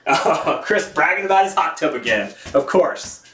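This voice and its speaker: A man's voice: on the high side, lively intonation, normal speed, fairly bright tone, reverberant, slight background noise. A man chatting casually on a live stream, laughing often and reading out viewer comments while cleaning his bike. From United States.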